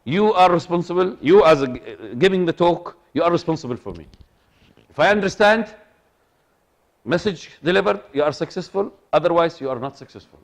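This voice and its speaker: A male lecturer, talking to a class in a voice that sits high for a man. He is animated and repeats his points, checking again and again that his listeners are following. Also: brisk, vocal fry. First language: Arabic. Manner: animated, repeats himself, asks the audience for agreement.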